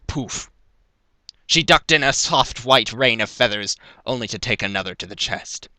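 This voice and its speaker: A man reading a fan story aloud at an even storytelling pace, stumbling now and then over a word. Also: medium pitch, normal speed. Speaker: fan fiction reader. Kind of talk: storytelling narration.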